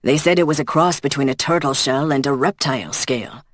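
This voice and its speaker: An audiobook narrator voicing an eager young man who talks in an excited, quick way. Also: mid-range voice, no room sound, clean studio sound, natural voice. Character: eager male assistant, excitable.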